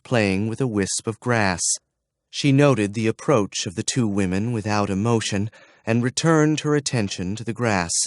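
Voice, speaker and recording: A man reading a fantasy audiobook in a measured storytelling manner. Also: on the low side, no echo, clean studio sound. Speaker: audiobook narrator. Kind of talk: scripted audiobook narration.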